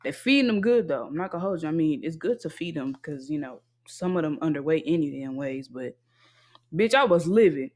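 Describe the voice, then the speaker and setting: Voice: medium pitch, animated, fairly quick, darkish tone. Young adult ranting bluntly with profanity. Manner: blunt, heavily profane, emphatic ranting with repeated refusals. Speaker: podcast host venting. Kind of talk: casual solo venting monologue.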